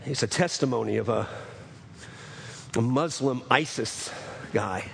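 A man preaching a sermon as pastor, earnest, repeating phrases, moving between raised proclamation and hushed asides. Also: mid-range voice, a little slow, creaky, a little hiss or hum. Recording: long hall reverb.

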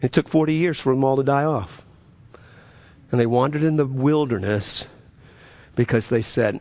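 A man preaching a sermon, swinging between loud, emphatic highs and low, quiet stresses, often repeating words as he builds a point. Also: normal speed, long pauses. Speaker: pastor.

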